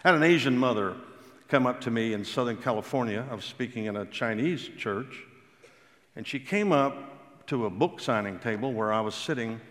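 A man preaching a sermon, telling stories and stressing key words slowly and emphatically. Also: medium pitch, fairly bright tone. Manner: storytelling, emphatic with slow drawn-out stresses. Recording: long hall reverb.

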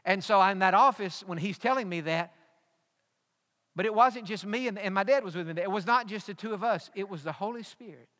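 Bright-voiced preacher in a hall. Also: male voice, high voice, fairly quick. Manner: storytelling preacher, rising to emphatic peaks. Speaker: pastor. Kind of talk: sermon.

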